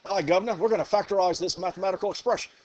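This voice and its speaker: Man doing a loud, cheeky mock-English bloke, pitched up a touch. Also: very fast, lo-fi sound, background noise, natural voice. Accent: put-on English.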